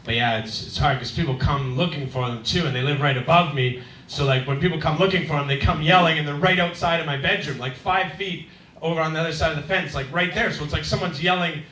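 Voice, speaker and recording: A man doing a stand-up set, telling a wry story and acting out his neighbours in loud voices. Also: a little high, quick pace. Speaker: stand-up comedian. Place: comedy club stage. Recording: roomy club sound, heard from a distance.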